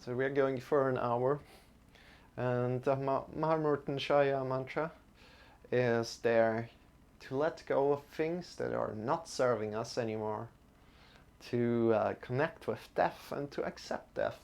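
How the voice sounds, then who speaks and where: A man teaching a yoga and mantra lesson in a gentle, encouraging way, often restarting his words. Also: medium pitch, slow pace, creaky.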